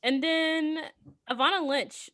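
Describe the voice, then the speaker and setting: A woman talks through a movie plot for her podcast co-hosts, slipping into little voices for each character and laughing as she goes. Her voice sits a touch high and rings bright and clear. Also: slow. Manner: animated storytelling with voiced quotes and frequent laughter. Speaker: podcast co-host recapping a film. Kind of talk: casual chat.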